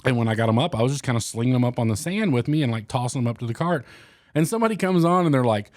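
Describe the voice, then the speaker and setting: A man's voice: medium pitch, lively intonation, racing, darkish tone, no echo. Rambling, joking man in a dry room. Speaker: fishing channel host. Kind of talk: casual chat to camera.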